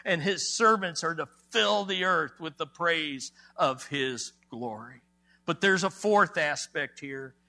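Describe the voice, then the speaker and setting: A male pastor preaching a sermon, emphatic, rising loud on key words and dropping soft. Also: a little high.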